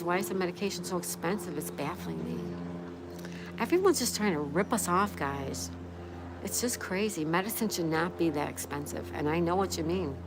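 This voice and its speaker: A woman's voice: lowish voice, noisy background. A middle-aged woman hosting a casual livestream, reading out viewer comments in a chatty, friendly way. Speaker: livestream host.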